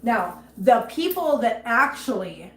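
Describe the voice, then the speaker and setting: Woman livestream host, higher voice, angry rant mixed with chatty viewer shout-outs; roomy, echoey sound. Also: big pitch swings, takes it slowly, slight background noise. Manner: angry ranting, greets viewers warmly by name. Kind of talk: casual livestream chat. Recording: echoey room with faint ambience.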